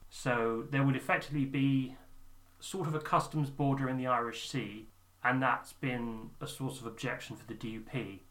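A man's voice: medium pitch, fairly even intonation, normal speed, fairly bright tone. A man co-hosting a podcast in casual political chat, explaining poll figures step by step. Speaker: podcast co-host.

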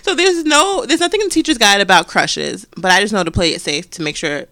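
A woman's voice: mid-range voice, animated, a little fast, crowd noise. A young adult woman, a teacher and podcast co-host, telling a story in casual chat and acting out the voices of people she quotes.

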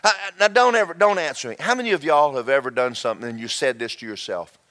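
A man preaching a sermon, folksy and animated, repeating himself and breaking into shouted asides. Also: mid-range voice, fast talker. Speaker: pastor.

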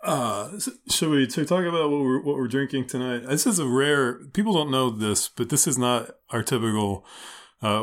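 A man's voice: mid-range voice, moderate pace. A man co-hosting a podcast in casual chat, joking and rambling with restarts, his throat sore from wine. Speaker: podcast co-host. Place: garage.

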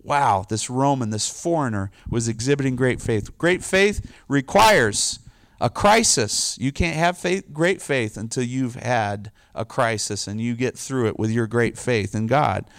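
A man's voice: medium pitch, animated, unhurried, fairly bright tone, no room sound, clean studio sound. Middle-aged male pastor, casual sermon. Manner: chatty, loose and informal, with frequent "like" and "you know".

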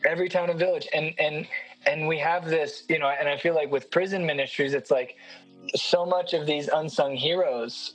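A man hosting a podcast, who talks earnestly and haltingly and keeps restarting his sentences. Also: on the high side, slightly rough, poor audio. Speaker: podcast host. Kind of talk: casual podcast chat.

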